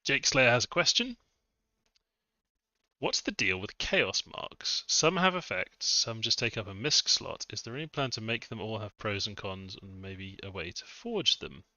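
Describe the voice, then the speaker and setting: A man's voice: fairly low pitch, lively intonation, measured pace, sharp tone, dry recording. A man casually commentating his own game-testing stream, chatty and self-mocking, with muttered asides. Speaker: game modder streaming a test session. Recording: dull, slightly lo-fi dry mic.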